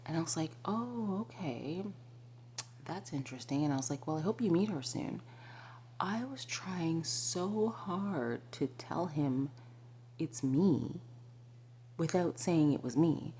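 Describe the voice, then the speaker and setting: Woman, low voice, storytelling, breathy whispers, chatty asides. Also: expressive, a little slow, warm tone, slight background noise. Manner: confiding, often drops to a breathy whisper; frequent fillers and asides to the listener. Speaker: spiritual vlogger. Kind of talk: personal storytelling to camera.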